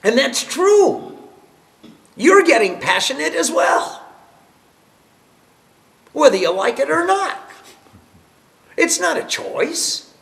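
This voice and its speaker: A man teaching a devotional class as a spiritual teacher, animated and emphatic, laughing as he tells stories. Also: very high-pitched, slow pace, creaky, long pauses. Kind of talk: devotional class lecture with storytelling.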